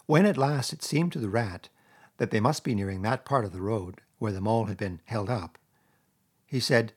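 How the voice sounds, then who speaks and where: Husky-voiced man narrating a storybook. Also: fairly low pitch. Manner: measured, expressive reading. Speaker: audiobook narrator.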